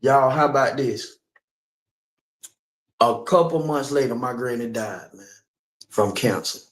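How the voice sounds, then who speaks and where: A man's voice: medium pitch, a little slow, echoey room. A man giving a personal testimony in a sermon, talking conversationally and often checking in with the listeners. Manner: conversational, keeps asking "you know what I'm saying". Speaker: speaker.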